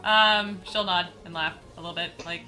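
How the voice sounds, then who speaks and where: A woman playing a tabletop game, chatty and quick to giggle. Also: on the low side, fairly even intonation, bright, forceful tone, faint music behind. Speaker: player.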